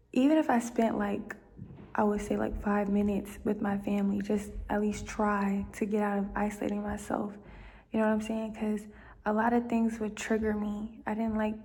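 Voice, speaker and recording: A woman's voice: mid-range voice, vocal fry, dark tone. A young woman talking at home in a casual, heartfelt monologue, rambling with many fillers and dropping into near-whispers. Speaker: vlogger giving life advice.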